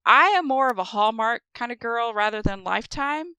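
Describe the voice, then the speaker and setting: A woman co-hosts a casual podcast with a bright, crisp voice that sits a little high. She talks in a rambling, chatty way, full of fillers and asides. The sound is dry and close. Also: lively intonation, normal speed, no echo. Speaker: podcast co-host. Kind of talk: casual chat.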